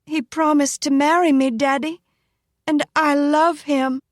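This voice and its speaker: A woman's voice: sits high, level tone, a little slow, no room sound, clean studio sound, pitched above the performer's own voice. A woman voicing a pleading young daughter.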